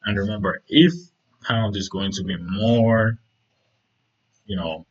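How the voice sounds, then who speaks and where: A man's voice: on the low side, slow pace, husky, dull audio. A man casually talking through trading charts, rambling with many fillers and "right?" checks. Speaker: trading video host.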